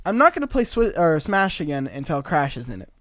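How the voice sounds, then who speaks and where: A man's voice: on the high side, big pitch swings, brisk, a bit bright, no echo, clean studio sound. A man co-hosting a casual gaming podcast, teasing his friends in playful banter. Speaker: podcast co-host. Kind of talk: casual chat among friends.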